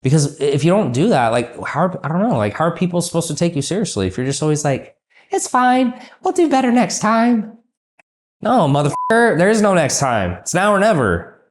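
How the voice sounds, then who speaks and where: A man's voice: on the high side, sing-song, fast, few pauses, a little hiss or hum. Blunt, profane male business coach.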